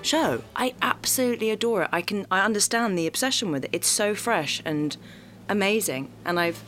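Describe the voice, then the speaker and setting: A woman's voice: mid-range voice, lively intonation, fairly quick, a bit bright, soft background music. A young woman in her twenties, an actress and podcast guest, chatting enthusiastically with giggles and hesitant fillers. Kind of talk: casual chat.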